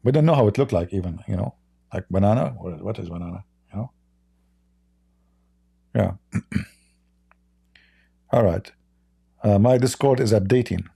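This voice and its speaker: A man's voice: on the low side, lively intonation, a little slow, creaky, long pauses, dark tone, slightly rough. An aged man from the East, hosting a livestream in a sarcastic, mocking way. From Middle East. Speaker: livestream debate host. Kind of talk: casual livestream commentary.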